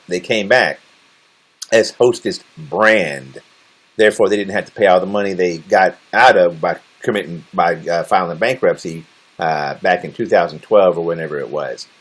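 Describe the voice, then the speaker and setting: A man chatting casually on a livestream, rambling and jokey, swearing a lot and laughing often. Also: low-pitched.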